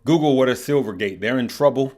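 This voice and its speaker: A middle-aged man hosts a live market chat in an easy, rambling way. His voice sits at an ordinary middle pitch. He restarts phrases and keeps asking his viewers "right?". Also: quick pace, a little mellow. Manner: loose and conversational, repeats words, lots of "right?" and "okay?". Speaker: stock market show host. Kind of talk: casual live-stream chat reading viewer comments.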